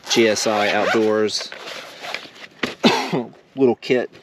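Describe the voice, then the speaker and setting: A man vlogging casually while camping alone, talking slowly and loosely with lots of fillers. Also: lowish voice, steady tone, background noise. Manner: slow, rambling, laid-back talk with many fillers. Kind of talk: casual solo camping vlog. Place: outdoors at a windy campsite.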